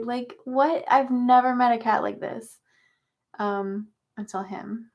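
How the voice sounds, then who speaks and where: A woman's voice: fairly high pitch, sing-song, slow pace, long pauses. A young woman hosting a casual livestream chat, talking to her viewers and cooing at her cat. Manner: chatty, talks baby talk to her cat. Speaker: livestream host.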